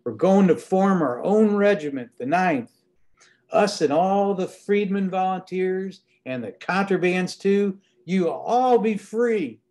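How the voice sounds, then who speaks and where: A man's voice: high-pitched, expressive, slow, a little mellow, pitched above the performer's own voice, full character voice. A man voicing a proud, scheming male militia captain who talks up his plans boastfully. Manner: boastful, persuasive, rising enthusiasm.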